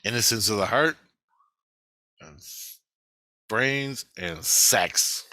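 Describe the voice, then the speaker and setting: Middle-aged man, agitated, rambling, constant swearing, bright tense voice. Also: lowish voice, animated, very slow, pauses often, no room sound. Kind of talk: casual monologue vlog.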